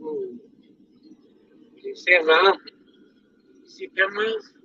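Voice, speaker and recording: A man vlogging on the highway has an extremely high, bright, forceful voice that swings hugely in pitch, coming out slow and creaky. He rambles through casual chat and stories while driving, captured in a distant, dull in-car recording with road noise.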